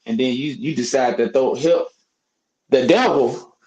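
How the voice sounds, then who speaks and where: A man delivering a heated, profane rant as a podcast host, firing off rhetorical questions in a preachy tone. His voice sits at an ordinary middle pitch. The room around him is echoey. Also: measured pace, a little mellow. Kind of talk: opinionated casual commentary.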